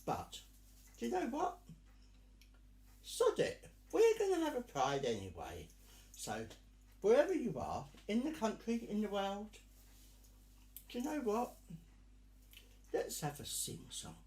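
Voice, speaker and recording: A man's voice: high-pitched, huge pitch swings, slow pace, pauses often, darkish tone, echoey room. Camp, theatrical drag performer, man. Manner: camp, theatrical, calls listeners dear and darling. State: sweltering in costume. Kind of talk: live virtual Pride stage address.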